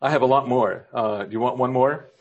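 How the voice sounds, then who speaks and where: A man at the pulpit tells church jokes as part of his sermon, with a husky, slightly rough voice. He sits at a medium pitch and jumps higher whenever he voices the people in his stories. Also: a little fast, lo-fi sound. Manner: storytelling, acting out quoted characters with lifts in pitch. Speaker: pastor.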